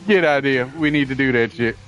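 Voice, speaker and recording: A man's voice: medium pitch, fast talker, fairly bright tone, highs cut off, soft background music. A man co-hosting a podcast in casual chat, laid-back and agreeable, laughing along and chiming in. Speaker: podcast co-host.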